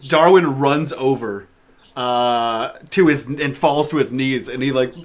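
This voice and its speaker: A man playing a tabletop game who describes his character's moves in an excitable, animated way. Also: medium pitch, a little slow. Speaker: player.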